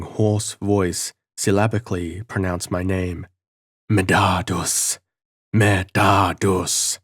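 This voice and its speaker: A man reading a gothic novel as an audiobook narrator in a measured, dramatic manner. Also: low-pitched, dry recording, studio quality.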